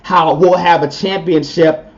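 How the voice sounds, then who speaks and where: A man's voice: fairly high pitch, steady tone, a little slow, muffled recording. A man co-hosting a podcast, giving a blunt, opinionated sports rant in casual talk. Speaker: podcast co-host.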